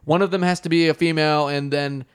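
A man's voice: a little high, steady tone, quick pace, clear, resonant tone. A young man chatting casually on a podcast, rambling through long explanations with many fillers.

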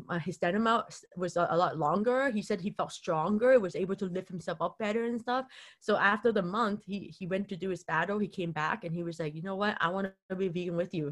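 A young woman telling a personal story in a loose, chatty way, full of "like" fillers, briefly acting out what people said. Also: fairly low pitch. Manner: chatty, constant "like" fillers, acts out quotes.

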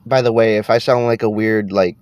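A little mellow and on the low side, his voice moves fairly quickly with fairly even intonation in a dry recording. The casual podcast host has an allergy-stuffed nose that makes him congested and nasal, and he rambles tiredly, cursing as he trails off.

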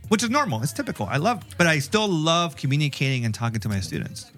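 A man's voice: on the high side, sing-song, quick pace, a bit bright, faint music behind. A man in his thirties, a schoolteacher, thinking aloud in a casual chat and often stammering and restarting his sentences.

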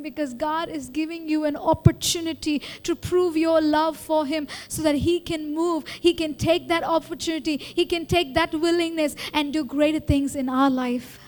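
A woman pastor preaching a sermon in an earnest way, repeating phrases for emphasis and building up to a prayer. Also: very high-pitched.

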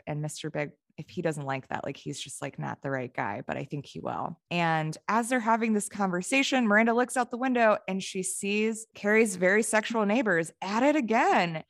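A woman's voice: medium pitch, moderate pace, no room sound, clean studio sound. A woman co-hosting a podcast, recapping a TV episode in a chatty way, with "like" in almost every sentence. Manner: chatty, heavy use of "like". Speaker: podcast co-host.

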